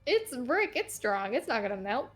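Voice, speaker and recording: A woman's voice: a little high, sing-song, normal speed, a bit bright, soft background music. A woman playing a tabletop game, rambling with fillers. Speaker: player. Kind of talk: casual play.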